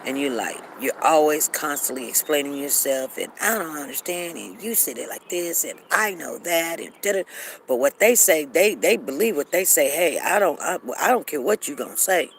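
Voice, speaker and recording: Woman, casual chat host, gravelly, animated, quoting people back and forth. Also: sits low, normal speed, a little hiss or hum. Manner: animated, acts out both sides of arguments, repeats phrases. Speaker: host of a live audio chat room. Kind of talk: casual live-room monologue.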